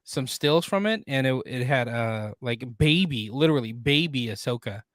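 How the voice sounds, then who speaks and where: A man co-hosting a casual pop culture news podcast, reading out news items and then riffing on them in a relaxed way. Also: medium pitch, normal speed, dry recording, studio quality. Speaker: podcast co-host.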